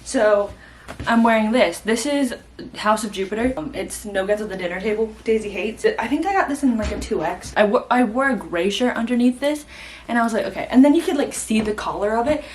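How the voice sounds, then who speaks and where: Over a faint hiss or hum, a tired college-aged book vlogger in her twenties talks quickly in a fairly high, expressive voice with a darkish tone. Her casual reading chat is gushing and packed with fillers.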